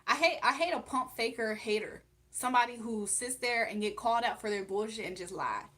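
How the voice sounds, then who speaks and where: A woman's voice: fairly high pitch, lively intonation, brisk, a bit bright. Blunt, outspoken woman streamer. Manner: blunt and outspoken, laughs often. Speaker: livestream host reading chat. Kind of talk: casual live chat.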